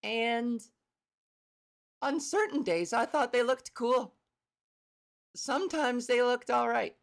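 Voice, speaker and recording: A woman's voice: fairly high pitch, takes it slowly, creaky. A woman hosting her own solo comedy podcast, talking casually from home into a microphone, rambling, self-deprecating and swearing freely. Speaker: podcast host and stand-up comedian.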